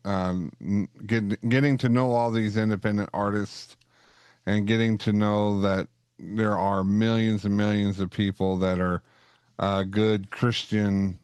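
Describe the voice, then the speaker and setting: A man hosts a laid-back chat show in a low, smooth voice. He jokes, rambles and restarts his sentences often. The sound is close and dry. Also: dry recording. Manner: joking, rambling, with many fillers and restarts. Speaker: podcast host. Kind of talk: casual interview chat.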